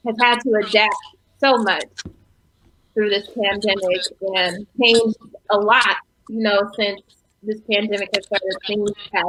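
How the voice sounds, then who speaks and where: A woman's voice: mid-range voice, bright, forceful tone, slight background noise, low-quality recording. A young woman on a video call, emotional and near tears, rambling as she searches for words. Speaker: guest performer. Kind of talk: casual interview chat.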